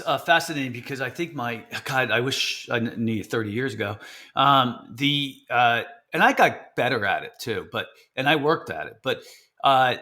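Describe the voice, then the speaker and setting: Halting man hosting a podcast. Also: mid-range voice, pushed and bright. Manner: halting, thinks aloud with many fillers. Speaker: podcast host. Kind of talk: podcast interview.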